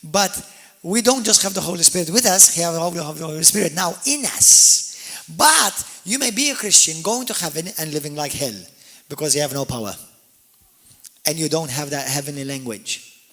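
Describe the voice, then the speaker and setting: A man preaches a sermon in a somewhat high, bright and forceful voice. He moves between quiet, quick explanation and loud, drawn-out calls, scattering hallelujahs and amens throughout. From Malta. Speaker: pastor.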